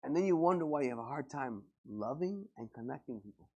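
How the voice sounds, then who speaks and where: A male pastor preaching a lively, joking sermon to a congregation and acting out everyday scenes. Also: mid-range voice, fairly quick, husky. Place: church service before a congregation.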